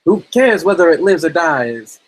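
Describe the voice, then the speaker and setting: A rowdy little village boy, high and bratty, voiced by a man reading a storybook aloud. He taunts and talks back with plain defiance. There's a husky edge under the squeaky voice. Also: sing-song, normal speed, low-quality recording. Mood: taunting.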